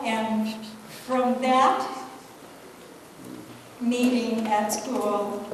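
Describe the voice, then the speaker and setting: An older woman from the United States, telling a chatty story in a soft voice as a guest speaker at an anniversary party. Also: mid-range voice, steady tone, a little slow, background noise. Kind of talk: anniversary speech. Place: hotel banquet hall. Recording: echoey banquet hall from far off.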